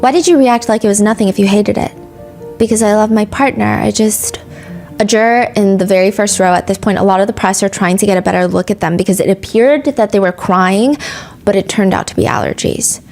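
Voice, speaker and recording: A woman's voice: brisk, darkish tone, faint music behind. A woman hosting a true crime podcast, narrating court testimony and reading text messages aloud in an earnest storytelling manner. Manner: earnest storytelling, rises in pitch when reading emotional texts aloud.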